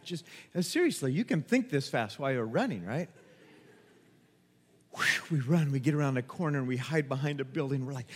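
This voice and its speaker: A man preaching a sermon as a pastor, telling a personal story with animated delivery, acting out quotes and laughing at himself. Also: a little high, fairly quick, big-room sound.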